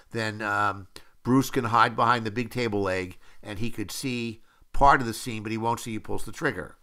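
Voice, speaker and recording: An older man in his seventies with a low, bright, forward voice tells behind-the-scenes stories as a screenwriter. He talks the way he remembers things, with plenty of "uh"s and acted-out quotes from the people in his stories. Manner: anecdotal storytelling, with many fillers and acted-out quotes. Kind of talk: film audio commentary.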